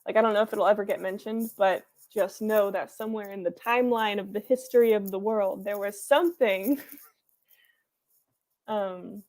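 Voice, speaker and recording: A woman's voice: mid-range voice, moderate pace, a little mellow. A young woman hosting a writing livestream from her room, chatting casually and playfully as she reads out chat comments. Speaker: livestream host.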